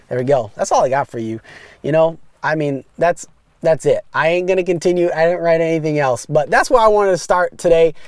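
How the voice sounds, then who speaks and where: A man's voice: fairly high pitch, fairly quick, a little mellow, dry recording, studio quality. A man in his thirties from Wisconsin, hosting a casual solo podcast in an upbeat, rambling way and talking straight to his listeners. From West Allis, Wisconsin, USA. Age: 30s. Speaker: podcast host.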